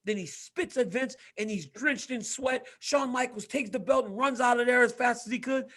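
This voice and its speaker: Animated high-voiced man telling stories. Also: moderate pace. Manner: animated storyteller, acts out quotes, repeats words. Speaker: co-host, former fighter. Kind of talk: casual chat.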